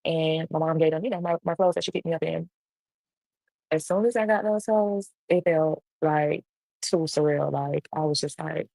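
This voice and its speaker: A young adult woman telling a casual storytime on a livestream, animated and acting out the voices of people in her story. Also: low voice, a little fast, gravelly, dry recording, low-quality recording. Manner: animated, acts out quoted voices. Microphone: livestream computer mic.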